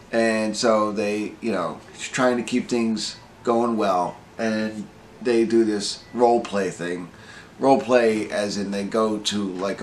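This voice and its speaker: Middle-aged guy, lowish slightly hoarse voice, casual rambling reviewer, faint room hiss behind. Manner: rambling, self-joking, many fillers and restarts. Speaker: movie review vlogger. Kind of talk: casual movie review chat.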